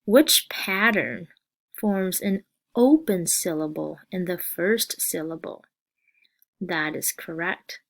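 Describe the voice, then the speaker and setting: A woman teaching a phonics lesson, reading word lists slowly and deliberately and asking questions. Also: fairly low pitch, vocal fry. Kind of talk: slow, scripted phonics lesson.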